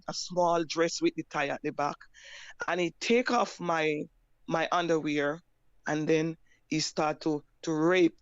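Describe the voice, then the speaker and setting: A Jamaican woman giving a personal testimony, halting and repeating her words as she recounts. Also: deep voice, no echo, muffled recording. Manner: halting, repeats words and restarts, plain broken grammar. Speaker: survivor sharing her story.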